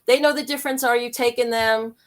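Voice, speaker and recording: A woman guest on an interview show, telling a story in a lively, chatty way with quick asides. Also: a little high. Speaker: guest, intuitive life coach and medium.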